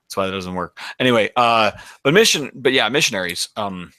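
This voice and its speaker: A man with a lowish voice and a bright, forceful tone tells crude stories on a casual podcast, swearing as he goes. The sound is dry and close to the mic. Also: lively intonation, brisk, dry recording. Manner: crude storytelling, swears freely. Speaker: podcast co-host. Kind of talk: casual chat.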